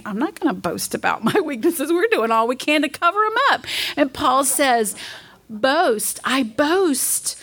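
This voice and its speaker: A woman delivers a sermon in an earnest, steady way. Her voice sits a little high, and she slows down to stress the scripture she reads. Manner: earnest, reads scripture aloud with slow emphasis. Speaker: preacher.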